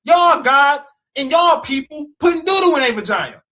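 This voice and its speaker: A man's voice: very high voice, expressive, moderate pace, bright, forceful tone. A man in a heated livestream rant, mocking and challenging, repeating his dares. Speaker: live stream guest debater. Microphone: live stream call mic.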